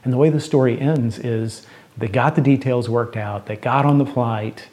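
A man's voice: mid-range voice, moderate pace, a little mellow. A middle-aged man, a pastor telling a story in a conversational sermon and leading a closing prayer.

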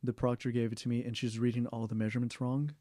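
Dark-voiced man, rambling. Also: mid-range voice, level tone, fast talker, no room sound, clean studio sound. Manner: rambling, many fillers and restarts, frequent throat clearing. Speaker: interviewee. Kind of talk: casual oral history interview.

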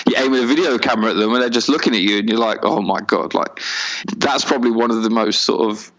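A man's voice: mid-range voice, quick pace, fairly bright tone. A man who works as an event videographer, chatting casually and telling exasperated stories with frequent laughter. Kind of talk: casual chat. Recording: dull lo-fi call audio.

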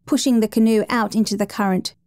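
A woman reading a dramatic true story as a steady, measured narrator. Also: mid-range voice, no echo, studio quality.

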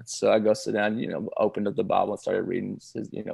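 A man, a pastor telling his personal testimony in casual conversation, halting with many restarts and laughing now and then. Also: on the low side, level tone, vocal fry, a little mellow, breathy edge.

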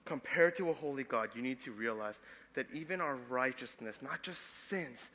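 A young adult man, a pastor preaching a sermon, swinging between loud emphatic passages and soft hushed ones. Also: mid-range voice, lively intonation, normal speed, long reverb tail.

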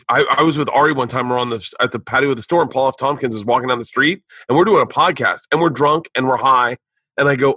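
A man hosting a podcast, telling a long story in an animated, profane way with plenty of restarts. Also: medium pitch, breathy edge, dry recording, poor audio. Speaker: podcast host. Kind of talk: casual storytelling chat. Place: indoor home studio.

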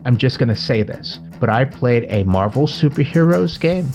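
A man's voice: medium pitch, normal speed, faint music behind. A man co-hosting a podcast, telling a gaming story in casual chat and acting out the people in it. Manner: animated storyteller, acts out quoted voices. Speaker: podcast co-host. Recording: dull lo-fi sound.

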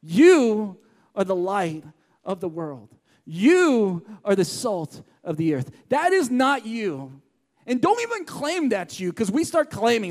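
A man's voice: high-pitched, big pitch swings, moderate pace, a little mellow. A middle-aged man preaching a sermon in church, passionate and emphatic, repeating key lines for weight. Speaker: pastor.

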